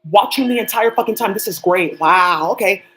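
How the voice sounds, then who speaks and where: Woman, rambling unscripted monologue, swears a lot, talks to absent people, very quick delivery. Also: a little high, poor audio. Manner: rapid, profane, talks to unseen people. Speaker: channel host.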